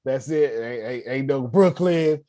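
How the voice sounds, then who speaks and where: Against a crowd in the background, a man speaks a little slowly at medium pitch. He hosts an online personal finance meeting in a casual teaching style, animated and joking, calling on listeners with many restarts.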